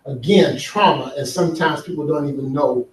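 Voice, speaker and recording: In a large hall full of listeners, a man delivers an earnest talk on men's healing, mixing stories with questions to the crowd. He speaks a little high at a moderate pace, and the mic sits far from him in the echoing room.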